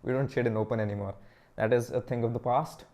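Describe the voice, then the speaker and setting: A man's voice: mid-range voice, fast, vocal fry. A young man doing crude stand-up comedy alone in his room into a camera. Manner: crude, deadpan-to-excited comic delivery. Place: own room. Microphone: camera mic.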